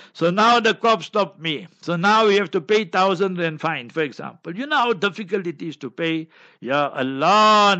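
A man's voice: a little high, fairly bright tone. A man, a mufti answering listener questions on a religious talk show in a fiery, preachy way, mixing in anecdotes. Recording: dull lo-fi broadcast sound.

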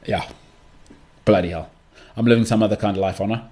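A man's voice: fairly low pitch, steady tone, fast talker, warm tone. A young man hosting a solo podcast, talking in a chatty, rambling way with mocking asides. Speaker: podcast host.

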